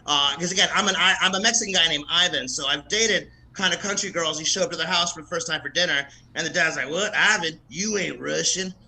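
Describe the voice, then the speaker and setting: Bright-voiced man doing stand-up. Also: on the high side, fast talker, hardly any pauses, a little hiss or hum, low-quality recording. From American South. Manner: casual, profane, laughs at his own jokes. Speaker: stand-up comedian. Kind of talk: stand-up set at an open mic.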